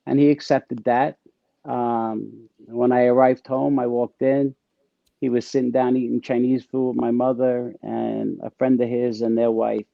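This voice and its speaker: A man with a gravelly, creaky voice sits as an interview guest and tells stories in a casual, streetwise way. He stumbles and restarts mid-sentence. The recording is dull and lo-fi, with a dry, close sound. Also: medium pitch, dry recording. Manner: streetwise slang, stammering restarts. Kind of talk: casual storytelling.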